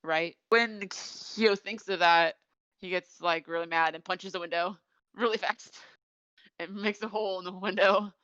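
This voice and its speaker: A woman's voice: mid-range voice, fairly even intonation, a little slow, a bit bright, no echo, lo-fi sound. A woman co-hosting a podcast, rambling through a casual episode recap with lots of "like". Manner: rambling retelling, many "like" fillers. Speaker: podcast co-host.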